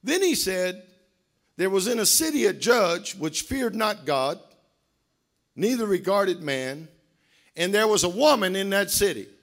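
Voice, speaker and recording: High-voiced shouting preacher man. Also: sing-song, unhurried, pauses often. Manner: shouting, sing-song preaching with call and response. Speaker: guest preacher. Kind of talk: sermon.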